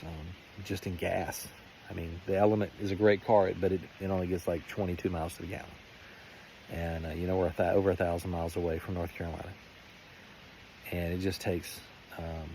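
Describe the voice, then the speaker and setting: A man with a low, slightly mellow voice gives an earnest personal faith testimony in a vlog. He rambles and restarts often, with slight background noise behind him.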